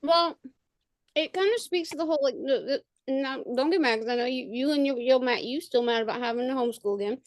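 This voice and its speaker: A woman's voice: sits high, a little fast, no room sound. A woman chatting casually on a video call, rambling with lots of fillers and restarts. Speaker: podcast co-host and parent. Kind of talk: casual chat.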